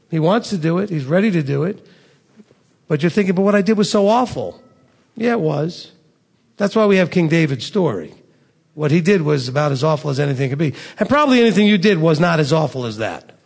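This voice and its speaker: A man with a notably high voice preaches a sermon, reading scripture aloud and putting pointed questions straight to his congregation. His emphatic delivery rings out in a large hall with a long reverb tail. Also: vocal fry, darkish tone, husky. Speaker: pastor.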